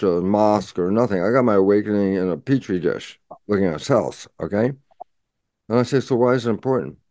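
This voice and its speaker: A man's voice: lowish voice, dark tone, no echo, clean studio sound. A man speaking as a guest scientist in an interview, explaining at length and acting out imagined back-and-forth dialogue.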